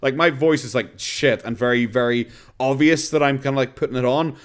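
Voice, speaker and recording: A man's voice: mid-range voice, brisk. Sarcastic Irish man laughing on stream. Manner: sarcastic, profane, laughs often. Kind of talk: casual commentary stream.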